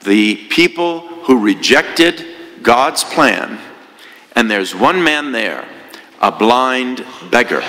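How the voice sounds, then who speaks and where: A man's voice: medium pitch, very animated, very slow, long pauses, bright, forceful tone. A priest giving a conversational sermon to his parish, often asking rhetorical questions. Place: church. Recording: echoey church hall.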